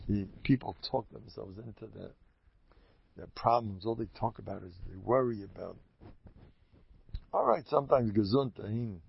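A man telling stories in an animated, rambling way, chuckling and restarting his sentences often. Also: on the low side, moderate pace, vocal fry, long pauses, husky. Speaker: Hasidic storyteller giving a talk. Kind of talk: informal storytelling talk. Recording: dull lo-fi dry recording.

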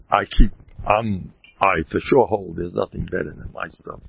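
Low gravelly rabbi guy joking through a torah talk, sarcastic, rambly, lo-fi muffled audio. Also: fairly even intonation, normal speed, dry recording. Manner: wry, mock-boastful sarcasm; sprinkles Hebrew and Yiddish terms. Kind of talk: informal Torah talk with jokes. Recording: dull lo-fi recording.

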